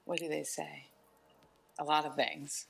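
A woman's voice: low-pitched, level tone, unhurried, vocal fry, fairly bright tone, husky, soft background music. A woman co-hosting a comedy podcast, bantering playfully and laughing. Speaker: podcast co-host. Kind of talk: casual comedic chat.

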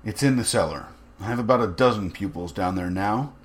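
A man voicing a suave, cruel aristocratic general with smooth, mocking menace. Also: fairly low pitch, lively intonation, brisk, lightly acted.

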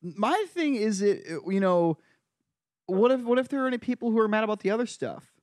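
Podcast host guy, kinda high voice, talks fast and cuts himself off, dry close mic. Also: expressive, no room sound. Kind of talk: casual panel chat.

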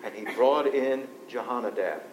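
Man teaching scripture in an echoey room. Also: normal speed. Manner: conversational, reads scripture aloud and explains it. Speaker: Bible teacher. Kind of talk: Bible study teaching to a group. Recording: echoey room with faint low rumble.

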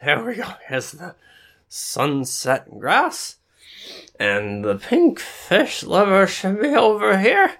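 A man's voice: high voice, sing-song, slow pace, vocal fry, fairly bright tone, voice pushed up, exaggerated voice. A man voicing an eccentric, forgetful old male hermit in a tabletop game, flustered and prone to shrieking. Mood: scatterbrained.

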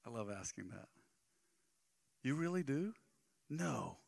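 A man's voice: medium pitch, slow, vocal fry, no room sound, studio quality. A middle-aged man, preaching a sermon as a pastor and acting out the people in his stories. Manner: animated storytelling, acting out the people he quotes.

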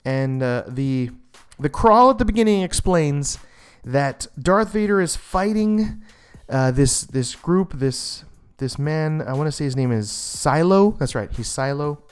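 A man's voice: on the high side, animated, unhurried, clean tone. A man giving a casual, enthusiastic comic book review, rambling with many fillers and restarts.

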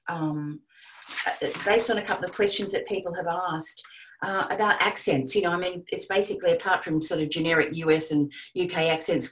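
A woman's voice: lowish voice, low-quality recording. A woman who narrates audiobooks and coaches, chatting reflectively about her craft on a panel. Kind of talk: panel discussion.

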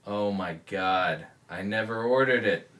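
Low-voiced guy, unhurried, mumbly casual banter. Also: a bit bright, a little hiss or hum. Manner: mumbling, trailing off, laughing at himself. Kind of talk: casual chat.

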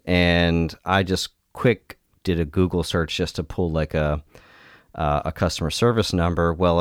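Low-voiced guy chatting easy, goes on a while, dry close mic. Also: no echo. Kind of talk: casual conversational chat.

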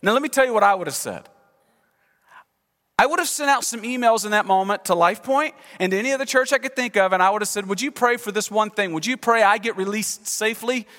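A male pastor preaching a sermon to a congregation in a church, animated and acting out quoted speech, leading the room in call-and-response. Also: sits high, quick pace. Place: church sanctuary. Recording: long hall reverb in church.

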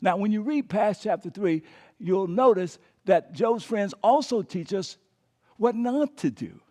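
A man's voice: sits high, lively intonation, measured pace. A man preaching a sermon as pastor, emphatic, sometimes dropping to a whisper and having the listeners repeat after him. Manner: emphatic, dropping to quiet whispers on key words.

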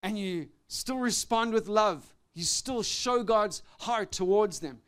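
A man preaching and telling a personal testimony, shifting between loud outbursts and hushed, intimate tones. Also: high-pitched, animated, slow, clear, resonant tone. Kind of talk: sermon testimony.

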